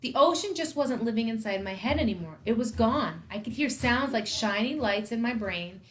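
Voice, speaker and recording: Principal reading a kids' novel aloud; woman, slightly higher pitch, expressive. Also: normal speed. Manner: first-person storytelling, expressive. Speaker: school principal.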